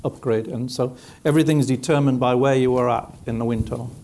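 Gravelly dark-voiced man explaining. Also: medium pitch, fairly even intonation, fast, a little hiss or hum. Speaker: panelist. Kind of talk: live panel talk, explaining.

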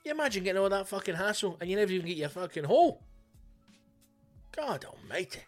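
Sweary Scottish comedian telling stories. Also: male voice, high-pitched, sing-song, fast, soft background music. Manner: sweary, blunt, ranting. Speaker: comedian and podcast host. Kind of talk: casual comic storytelling monologue.

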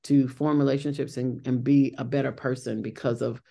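A woman's voice: extremely low pitch, level tone, brisk, gravelly, mellow. A middle-aged woman, a Broadway actress being interviewed, talking in a chatty way with many restarts and fillers. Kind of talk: interview conversation.

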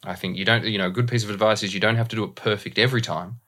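A man, a voice and dialect coach, speaking as a podcast guest in a measured, encouraging way. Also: fairly low pitch, steady tone, fairly bright tone. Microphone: video call.

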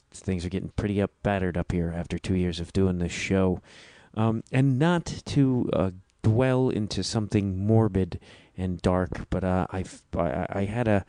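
A man with a Midwestern Chicago accent speaks low and deep into a podcast mic. The room sounds completely dry. He talks slowly and thoughtfully, often stopping to restart a sentence. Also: mellow, no room sound. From Midwestern United States. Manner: halting and reflective, with frequent restarts. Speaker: podcast host. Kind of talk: casual solo podcast intro.

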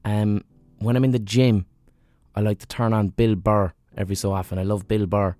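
A man's voice: lowish voice, flat delivery, moderate pace, dark tone, no echo. Blunt sweary man, feverish. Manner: blunt, sweary, rambling with many ums. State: feverish, unwell. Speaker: podcast host. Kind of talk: casual solo monologue.

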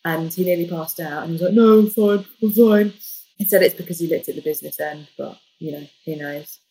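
Lively woman telling a story. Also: low-pitched, fast talker, low-quality recording. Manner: lively, jokey, animated retelling. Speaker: guest. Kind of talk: casual storytelling.

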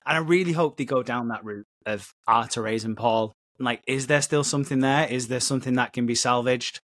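A man hosting a casual podcast chat, animated, laughing and swearing freely. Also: mid-range voice, a little fast, no echo, studio quality. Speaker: podcast host. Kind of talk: casual chat recapping a soap episode.

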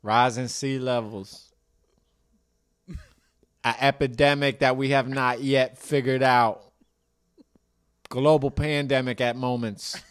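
A man's voice: medium pitch, fairly even intonation, slow pace, long pauses, clear, resonant tone. Teasing man riffing in banter. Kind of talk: casual chat.

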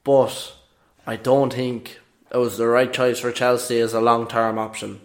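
A man's voice: medium pitch, flat delivery, unhurried. A man co-hosting a casual football podcast, opinionated and emphatic. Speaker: podcast co-host.

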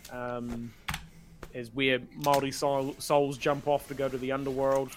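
A man hosting a podcast game show in relaxed, casual chat full of "um" fillers. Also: medium pitch, unhurried, background noise. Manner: relaxed, many "um" fillers, informal.

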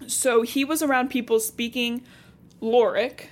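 A woman from Cincinnati co-hosting a podcast, casually recapping a book with lively, profane asides. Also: a little high, measured pace. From Cincinnati, USA. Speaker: podcast co-host.

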